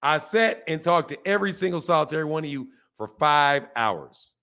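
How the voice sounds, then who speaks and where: A man's voice: fairly high pitch, expressive, normal speed, pushed and bright. A retired man from Omaha hosting a casual boxing livestream, talking loosely with lots of slang, laughing and answering chat. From Omaha, United States. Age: older.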